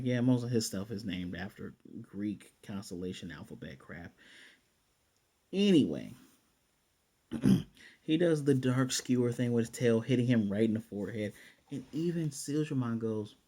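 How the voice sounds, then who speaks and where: Man, anime reviewer, sarcastic, rambling recap, mellow dark tone, mid pitch. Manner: sarcastic, mocking, rambling with restarts. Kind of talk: casual episode recap and review.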